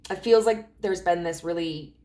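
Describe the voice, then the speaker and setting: Low-voiced woman in her thirties reading tarot. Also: normal speed, mellow. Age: 30s. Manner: rambling, many fillers like "you know" and "like". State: voice cracking, clears throat often. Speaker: tarot reader. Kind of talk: casual pick-a-card tarot reading.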